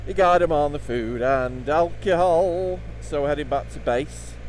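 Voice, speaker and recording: A man's voice: fairly high pitch, unhurried, darkish tone, a little hiss or hum. A man vlogging about a motorcycle trip, rambling, sardonic and full of swearing. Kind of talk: casual chat to camera.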